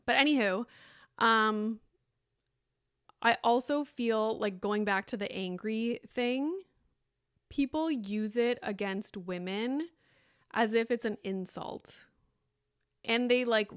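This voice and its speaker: Chatty young mother with a smooth voice. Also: slow, long pauses, dry recording, studio quality. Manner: candid and chatty, with frequent likes and ums; mimics others in higher, brighter voices. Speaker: podcast host. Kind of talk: casual solo podcast talk.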